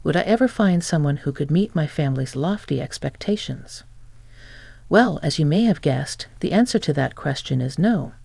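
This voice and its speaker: A woman narrating a dramatic first-person story, expressive and acting out the dialogue herself. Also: sits low, normal speed, vocal fry, breathy edge, dry recording.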